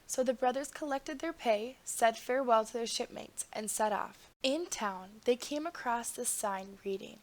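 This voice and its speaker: A woman narrating a fairy tale in an unhurried, expressive storybook style. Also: on the high side.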